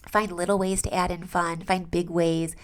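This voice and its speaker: A woman's voice: fairly low pitch, flat delivery, moderate pace. A woman in her forties hosting a podcast, chatting casually and enthusiastically about family life and reading a sponsor message. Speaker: podcast host.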